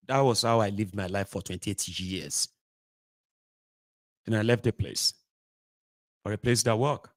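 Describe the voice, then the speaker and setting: A Nigerian man hosting a casual livestream monologue from a home studio, animated, slipping into pidgin and acting out little scenes. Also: medium pitch, a little slow, pauses often, no room sound. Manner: animated, mixes pidgin and Yoruba, acts out voices. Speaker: host.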